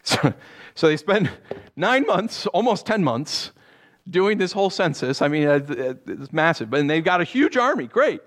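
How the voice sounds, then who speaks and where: A male pastor preaching a sermon, reading Bible verses and cracking jokes in animated asides. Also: on the high side, a little slow.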